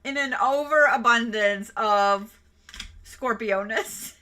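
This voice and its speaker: A woman's voice: fairly high pitch, takes it slowly, pushed and bright. A woman giving casual zodiac card readings on a livestream, chatty and playful, swearing and giggling as she goes. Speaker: reiki practitioner and tarot reader.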